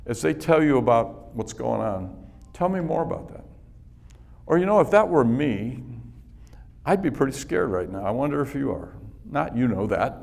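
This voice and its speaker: A man's voice: mid-range voice, big pitch swings, normal speed, creaky, darkish tone. A man giving a motivational talk to a business audience, telling personal stories in a conversational way and chuckling often. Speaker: speaker addressing a business group. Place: business event venue.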